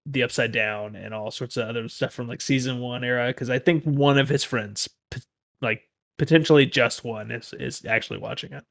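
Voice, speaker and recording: Man, podcast co-host, mid-pitched, rambling, self-correcting, casual parent chat.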